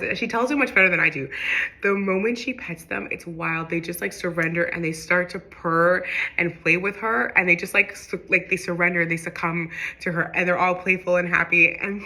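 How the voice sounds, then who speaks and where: A young woman tells a rambling personal story, piling on fillers and restarts as she goes. Her voice sits a bit low but comes out bright and forward, with plenty of gravelly fry. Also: steady tone, moderate pace. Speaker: spiritual vlogger. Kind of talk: casual storytelling monologue.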